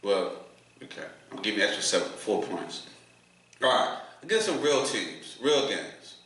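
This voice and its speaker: A man with a bright, lively voice trash-talks and swears his way through football predictions on a casual podcast. He sounds a little distant from the mic in a very echoey room. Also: fairly low pitch, normal speed. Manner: trash-talking, profane, laughing. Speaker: podcast host. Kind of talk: casual chat, sports predictions.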